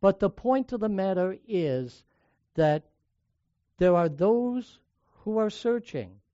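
A man's voice: high-pitched, expressive, slow pace, mellow, smooth, dry recording, dull audio. An older man from the United States preaching a sermon, telling personal stories in a conversational way and raising and dropping his volume for emphasis.

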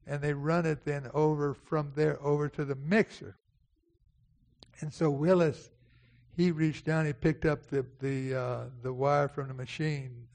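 Older preacher guy, gravelly voice kinda high, folksy story sermon, talks to the pews by name. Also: darkish tone. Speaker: pastor.

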